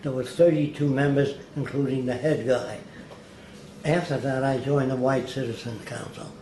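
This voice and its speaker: Telling stories in an interview, this older guest wanders from anecdote to anecdote, performing the voices of those he quotes. He speaks at normal speed in a steady, dark, mid-range voice. The room sounds spacious, and a faint hiss runs in the background.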